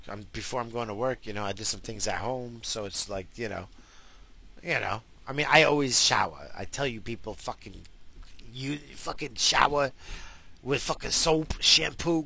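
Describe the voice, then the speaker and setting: A man's voice: medium pitch, moderate pace, gravelly, pushed and bright, husky. A man ranting casually to his viewers, swearing constantly and rambling in exasperation. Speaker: vlogger with a wife and kids. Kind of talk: casual rant to camera.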